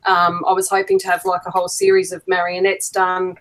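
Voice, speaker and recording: Casting: Australian woman, lowish voice, chatty maker on a video call. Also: big pitch swings, brisk, creaky, poor audio. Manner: chatty, explains her craft, laughs easily. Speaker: fan puppet maker on a live video call. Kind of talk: casual chat.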